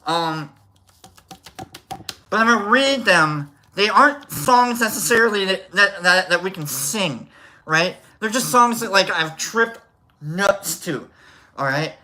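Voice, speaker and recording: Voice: mid-range voice, animated, takes it slowly, pushed and bright. A live stream host chatting casually, telling a rambling story and greeting viewers in the chat.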